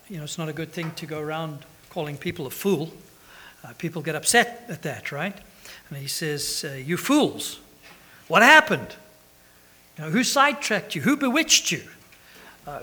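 Male preacher, high husky voice, animated teaching sermon. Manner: animated, rhetorical questions with many restarts.

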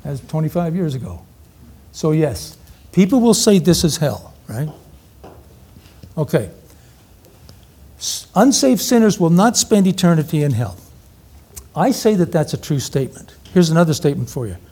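A man's voice: a little high, sing-song, normal speed, long pauses, warm tone, husky. A middle-aged man preaching an interactive teaching sermon, energetically quizzing the audience with questions.

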